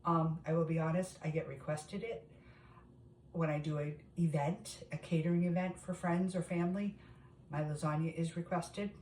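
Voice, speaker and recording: A middle-aged woman talks casually through a home recipe, addressing viewers directly. Her voice sits a little low. The sound carries a roomy kitchen echo with faint background noise. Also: steady tone, normal speed, darkish tone. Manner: chatty, talks straight to viewers. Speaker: home cooking vlogger. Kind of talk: casual cooking demonstration.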